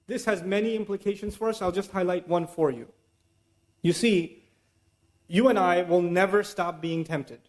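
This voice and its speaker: High-voiced man giving an animated lecture. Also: normal speed. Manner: animated, conversational, mixes in Arabic recitation. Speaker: Islamic lecturer. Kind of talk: religious lecture.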